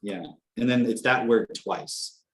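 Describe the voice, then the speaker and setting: A young man on a casual podcast, telling animated stories, acting out quotes and swearing casually. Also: medium pitch, measured pace. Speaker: podcast co-host.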